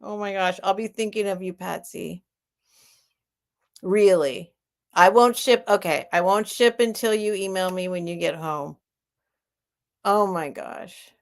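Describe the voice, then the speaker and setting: A woman hosting a live online sale at home, chatting casually and rambling with soft laughs. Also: mid-range voice, measured pace, pauses often. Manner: rambling and warm-hearted, with frequent soft laughs. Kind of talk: casual live-stream chat.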